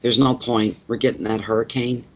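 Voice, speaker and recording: Greeting viewers by name on a live stream, a Canadian man who reads tarot chats casually, rambling and saying things more than once. His medium-pitched voice is fairly bright and fairly even in intonation, delivered at normal speed. There's a bit of hiss or hum in the slightly dull, lo-fi recording.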